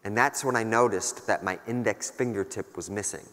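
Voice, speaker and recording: Telling a war story from his own life, a keynote speaker in his thirties keeps it candid, casual and wry, filling it with fillers. He speaks on the low side at a moderate pace with a slightly bright tone, in a large conference hall with long reverb.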